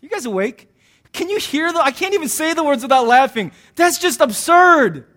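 Male pastor, middle-aged, high voice, animated jokey sermon delivery. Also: moderate pace.

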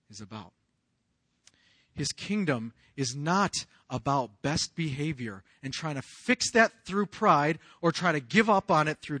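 A man in his thirties preaching a sermon in an earnest, confessional way, moving from hushed lines to loud raised outbursts. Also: medium pitch, no echo. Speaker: pastor.

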